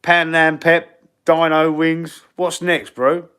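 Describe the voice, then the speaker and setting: Husky-breathed Cockney man chatting to viewers. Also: a little high, flat delivery, slow, a bit bright. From East London, England. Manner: blunt, slangy and chatty, calling viewers bro and mate. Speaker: fan channel live streamer. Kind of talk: casual live-stream Q&A chat.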